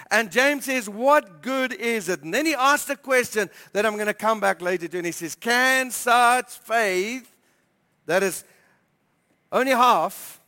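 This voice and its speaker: A man preaching as pastor, emphatic and repeating key phrases, slowing down to stress scripture. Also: very high-pitched, pushed and bright, in a large hall. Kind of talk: sermon. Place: church hall.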